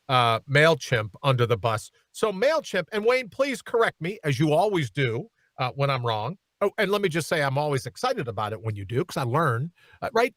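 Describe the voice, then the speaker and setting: A man hosting a radio talk show, ranting in a sarcastic, animated way from a studio microphone. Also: fairly high pitch, no room sound.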